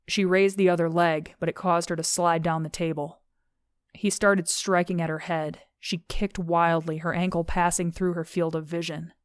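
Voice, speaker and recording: Female audiobook narrator, measured and level, smooth clean tone, dry studio sound. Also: on the low side, no echo. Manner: steady, measured reading. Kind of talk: scripted narration of a thriller novel.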